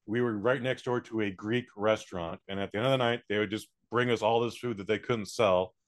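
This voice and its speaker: A man's voice: fairly low pitch, fairly even intonation, a little fast. A man co-hosting a podcast in casual chat, telling blunt, profane anecdotes. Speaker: podcast co-host.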